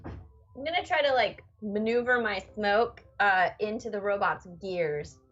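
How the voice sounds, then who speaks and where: A woman's voice: mid-range voice, measured pace, a bit bright. A woman playing a tabletop game, talking tentatively and casually with lots of fillers. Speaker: player. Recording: dull lo-fi audio with faint music.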